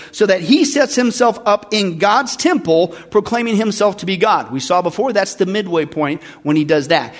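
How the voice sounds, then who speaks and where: High-ish voiced guy preaching, keeps saying okay and right, calls everyone folks. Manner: emphatic, repeats points with "okay?" and "right?"; addresses listeners as folks. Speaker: pastor. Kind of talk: sermon.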